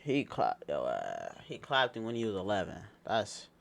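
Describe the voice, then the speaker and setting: A young man reacting to a video in casual chat, with loud laughing outbursts and profane banter. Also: on the low side, huge pitch swings, normal speed, creaky.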